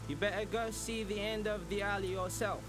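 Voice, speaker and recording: Man doing high voiced guy calling down from up top, music behind. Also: fairly even intonation, fairly quick, close to an everyday voice. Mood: curt.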